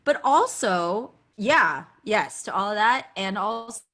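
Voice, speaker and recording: Lively woman guest telling stories. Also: medium pitch, takes it slowly. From United States. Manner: animated, acts out quoted dialogue, frequent "like" fillers. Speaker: podcast guest. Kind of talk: candid conversational storytelling.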